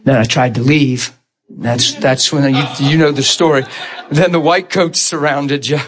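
A middle-aged preacher giving a sermon testimony, telling his story in an animated way, acting out voices and laughing often. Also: fairly high pitch, measured pace, crowd noise.

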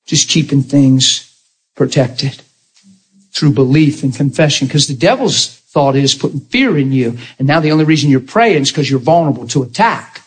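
A man preaching a sermon, telling a story in an animated way and speaking directly to his congregation. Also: medium pitch, normal speed, breathy edge.

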